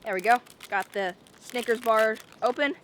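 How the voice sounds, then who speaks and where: A woman's voice: fairly high pitch, steady tone, moderate pace, a little hiss or hum. A young woman making a casual daily vlog, chatty and rambling, often repeating herself and saying "like". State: out of breath. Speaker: vlogger.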